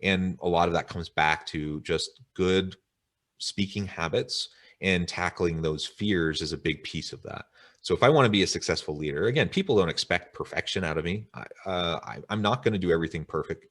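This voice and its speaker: Male webinar host, very deep voice, thoughtful and long-winded, on a video call. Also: moderate pace, a bit bright. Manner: reflective, wordy, with filler ums. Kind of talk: interview chat.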